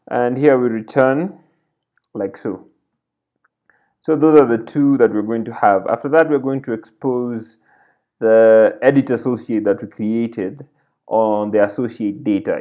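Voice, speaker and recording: This man's mid-range voice has a warm tone, though the recording cuts off the highs. He's an instructor walking through a coding screencast at his indoor computer, talking through his thoughts as he types, with frequent "right?" and "like this."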